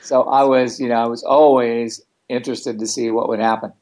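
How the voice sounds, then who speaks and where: A man telling stories in a relaxed interview, blunt and animated, with a casual, profane way of talking. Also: mid-range voice, moderate pace. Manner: blunt, animated, swears freely. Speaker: guest, founder of a self-help organization. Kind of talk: casual storytelling in conversation.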